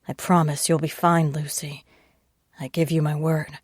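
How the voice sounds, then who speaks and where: A woman's voice: sits low, little pitch movement, a little slow, husky, no echo, clean studio sound. A woman voicing Nick, a flirty, cajoling male ex-soldier with a scarred face, in an audiobook. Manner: cajoling, teasing.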